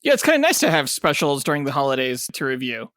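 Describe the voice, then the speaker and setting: A man's voice: medium pitch, wildly swooping pitch, quick pace, a bit bright, no echo, studio quality. A man co-hosting a comic book podcast, chatting with enthusiasm. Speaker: podcast co-host. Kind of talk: casual podcast chat.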